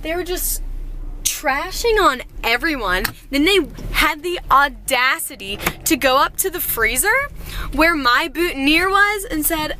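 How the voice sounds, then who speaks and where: Young female vlogger, high voice, chatty and frazzled, noisy car ride. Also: animated. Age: young adult. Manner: chatty, flustered and rushed. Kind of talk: casual vlog to camera.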